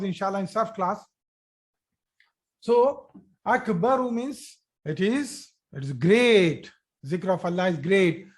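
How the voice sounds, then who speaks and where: Slow, high-voiced man teaching grammar. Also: darkish tone. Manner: slow, repetitive explaining with frequent "okay?" checks. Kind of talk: online grammar lesson.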